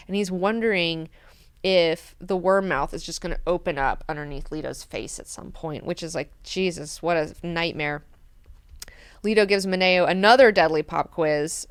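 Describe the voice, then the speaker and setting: A woman hosting a book club, casually recapping chapters in an animated, chatty way with plenty of swearing. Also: fairly low pitch, smooth, dry recording. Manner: animated, profane, chatty retelling.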